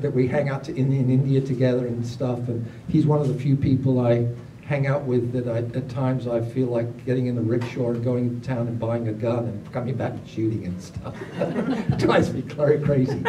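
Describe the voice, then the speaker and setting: Man, very dark timbre, animated storyteller, roomy and distant recording with faint noise. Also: medium pitch. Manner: animated, acts out other people's lines in raised voices. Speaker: storyteller at a gathering. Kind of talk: casual spoken storytelling.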